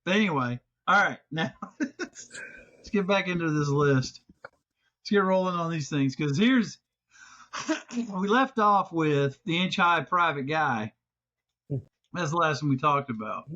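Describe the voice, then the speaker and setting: High-voiced man telling stories. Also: takes it slowly, pauses often. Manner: animated, swearing, laughing storyteller. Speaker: podcast host. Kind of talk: casual storytelling chat. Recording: dull lo-fi sound.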